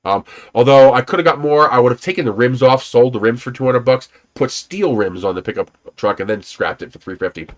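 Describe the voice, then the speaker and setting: A man's voice: mid-range voice, a little fast, muffled recording. Rambling, laid-back man telling stories. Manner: rambling storyteller, laughs often, swears casually. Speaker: livestream host. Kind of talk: casual rambling livestream chat.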